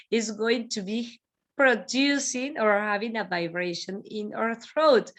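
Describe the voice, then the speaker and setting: A woman's voice: fairly high pitch, a little slow, fairly bright tone. A woman teaching English pronunciation in an online class, repeating each word several times for her students over a video call.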